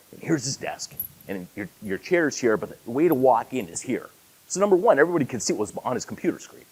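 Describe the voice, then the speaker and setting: Man in his forties, keynote speaker, lively storytelling delivery, pitch swinging widely, self-deprecating humor. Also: slightly rough, rough recording. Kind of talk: conference keynote speech. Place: conference hall.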